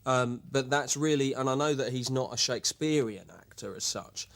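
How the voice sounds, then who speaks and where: A man's voice: medium pitch, moderate pace, a bit bright, no room sound, natural voice. An actor playing a pompous, self-important male horror author in a mock documentary interview, grandiose but stumbling over his words. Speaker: writer and lead actor being interviewed.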